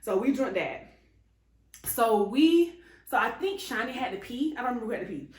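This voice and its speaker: A woman's voice: a little high, animated, moderate pace. A young adult woman telling a casual, profane story to her viewers as a vlogger, laughing often as she talks. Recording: echoey room.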